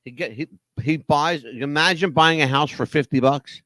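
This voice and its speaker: A man's voice: on the high side, normal speed, fairly bright tone, no room sound, studio quality. A man hosting talk radio, telling a story dramatically with rhetorical questions. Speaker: radio host.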